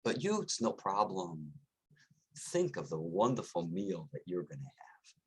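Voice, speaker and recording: A man's voice: low voice, very animated, measured pace, breathy edge, heavily acted. A man voicing a sly, wily male coyote in a spoken parable, coaxing and smug.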